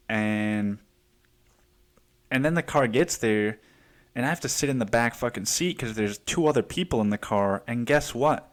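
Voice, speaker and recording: A man's voice: medium pitch, moderate pace. A man from Mexico hosting a casual solo podcast, rambling and swearing freely as he tells stories about his day. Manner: rambling, profane, storytelling with quoted voices. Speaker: podcast host.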